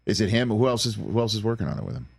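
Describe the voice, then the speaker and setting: A man hosting a talk show in a studio, asking questions and tossing in playful quick remarks. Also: fairly low pitch, big pitch swings, vocal fry, husky. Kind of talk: casual interview chat.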